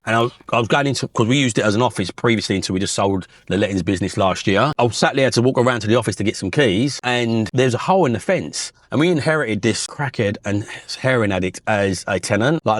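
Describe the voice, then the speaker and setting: With no room sound and a lowish voice, a man from the North of England gives an easygoing street-side tour of the properties he invests in. He's frank and conversational, full of stories, and curses occasionally.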